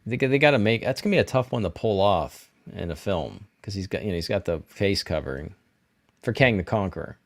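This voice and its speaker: A man's voice: low-pitched, expressive, fairly quick. A middle-aged man hosting a live stream, rambling casually and answering viewers' chat comments.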